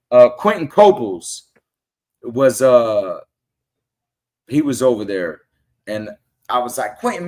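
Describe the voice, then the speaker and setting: A middle-aged man on a casual podcast, telling fan stories and acting out quotes in an animated way. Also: medium pitch. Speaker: guest fan.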